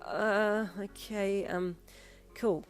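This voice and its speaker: A woman's voice: mid-range voice, lively intonation, moderate pace, soft background music, voice pushed up, lightly acted. A woman voicing a shy young woman who stammers and gets easily flustered in a storybook reading.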